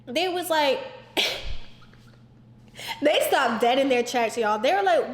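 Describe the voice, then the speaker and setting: A young woman tells a storytime vlog in an animated, exasperated way, her high voice leaning on "like" again and again. The room around her is echoey, with a long ring after each phrase. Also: measured pace, long pauses. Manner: animated, exasperated, frequent "like" fillers. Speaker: vlogger. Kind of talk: casual storytime. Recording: roomy echoey indoor recording.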